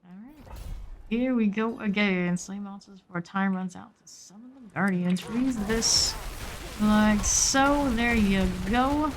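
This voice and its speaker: A woman streaming live gameplay, narrating her moves in short, calm callouts at an ordinary middle pitch. Her voice sits over a clear, steady hiss that sounds like rain in the background of the stream audio. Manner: steady running callouts, calm and matter-of-fact.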